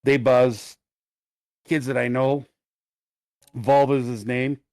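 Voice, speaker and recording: A middle-aged man, co-hosting a podcast, tells an animated, profane story in casual chat. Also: medium pitch, takes it slowly, dry recording, clean studio sound. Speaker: podcast co-host.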